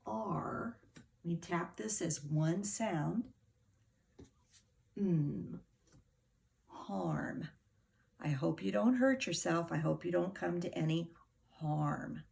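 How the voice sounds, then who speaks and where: A middle-aged woman teaching a phonics lesson to young children, sounding out words slowly and patiently. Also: fairly low pitch, vocal fry, darkish tone. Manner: slow, patient, over-articulated sounding out.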